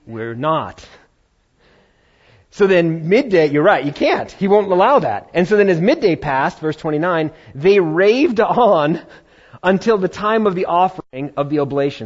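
A man preaching a sermon, retelling a Bible story with lively acted-out voices. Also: a little high, highs cut off. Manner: animated storytelling, acting out biblical voices. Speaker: pastor.

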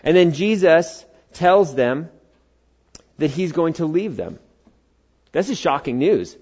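A man's voice: a little high, sing-song, slow, a little mellow, husky, highs cut off. Middle-aged male pastor, playful sermon. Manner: conversational and playful, bantering with the congregation; acts out quoted speakers in character voices. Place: church service with congregation.

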